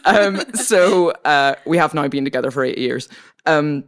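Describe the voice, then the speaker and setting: A woman's voice: sits low, measured pace. Northern Irish woman telling a story. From Northern Ireland. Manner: animated, laughing, full of restarts and asides. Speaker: guest poet. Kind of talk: casual interview storytelling.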